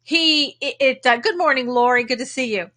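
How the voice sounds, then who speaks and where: In a casual livestream from her home in Texas, a woman with a Texan accent chats along and greets viewers by name. Her voice is high and sharp-toned, and she speaks at a normal speed.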